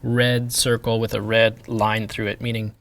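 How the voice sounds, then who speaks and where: A man teaching a pronunciation lesson, explaining each sound deliberately and repeating sample words for the learner to hear. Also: lowish voice, flat delivery, gravelly, fairly bright tone. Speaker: language teacher.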